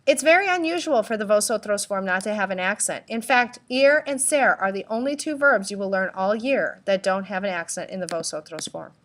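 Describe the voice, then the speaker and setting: A woman teacher giving a recorded tutorial, speaking slowly and deliberately, spelling out letters and asking listeners to repeat. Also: medium pitch, fairly bright tone. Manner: slow, deliberate, spells out letters and prompts repetition. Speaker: Spanish teacher.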